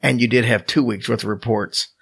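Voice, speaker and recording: A man co-hosts a casual podcast and works through a story from his notes, dropping wry jokes along the way. His voice sits at an ordinary pitch but has a gravelly rasp. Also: steady tone, brisk, a bit bright. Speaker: podcast co-host.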